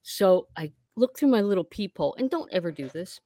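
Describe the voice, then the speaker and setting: Lively woman co-host spinning a story. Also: on the low side, a little fast, dry recording, studio quality. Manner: animated anecdote teller, acting out quotes. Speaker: podcast co-host. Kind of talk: casual storytelling.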